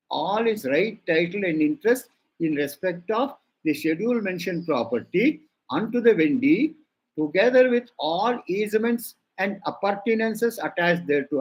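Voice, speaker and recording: A man's voice: high-pitched, slightly rough, low-quality recording. An older man with an Indian English accent, lecturing on legal drafting and dictating clauses while stressing key words for his students. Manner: emphatic, repeats key words for students to note. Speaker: law lecturer.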